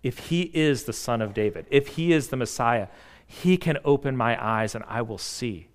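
Man, pastor, sermon, earnest emphatic swells, hushed slow passages, long hall reverb. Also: mid-range voice, animated.

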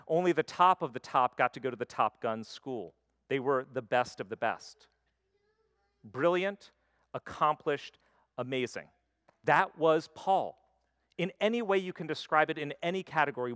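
A man preaching a sermon, swinging between loud emphasis and quiet, intimate stretches. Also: mid-range voice, no echo, clean studio sound. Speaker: pastor.

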